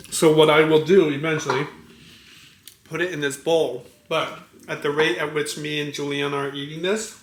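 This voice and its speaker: A man's voice: fairly high pitch, steady tone, normal speed, slight background noise. A man hosting a casual home cooking vlog, chatting to the camera and his family in an upbeat, persuasive way. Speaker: cooking vlogger and father. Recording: echoey room.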